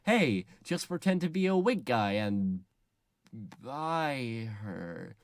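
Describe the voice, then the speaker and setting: A man putting on a brooding, vengeful male barber with a slow, deadpan delivery. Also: medium pitch, dry recording, studio quality.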